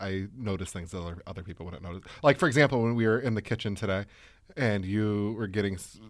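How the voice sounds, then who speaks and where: A man's voice: on the low side, fast, dry recording, clean studio sound. A man co-hosting a podcast in casual chat, rambling and often correcting himself as he goes. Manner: rambling, hesitant, self-correcting. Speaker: podcast co-host.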